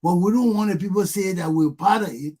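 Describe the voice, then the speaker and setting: A man with a Liberian English accent hosting a talk show, ranting heatedly and mimicking people's repeated yelling. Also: sits high, brisk.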